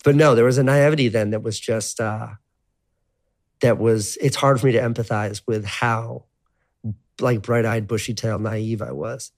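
This man in his thirties has a fairly low voice with fairly even intonation and talks at a moderate pace. As an interview guest he rambles through his life story casually, cursing and leaning hard on the filler word "like."

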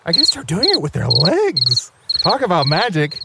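A man's voice: fairly high pitch, wildly swooping pitch, moderate pace, gravelly, very noisy, full character voice. A man voicing a playful little male cricket in a teasing, sing-song way.

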